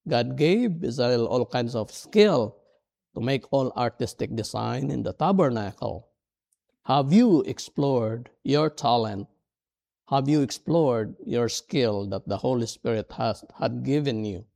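A middle-aged male pastor preaching a sermon in English, which is not his first language. His voice is dark and gravelly, and he speaks slowly in an earnest, halting, self-deprecating way. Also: mid-range voice, lively intonation.

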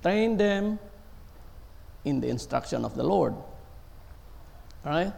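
A man preaching a sermon, speaking slowly and haltingly with many fillers and pauses. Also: fairly high pitch, expressive, creaky, darkish tone, big-room sound.

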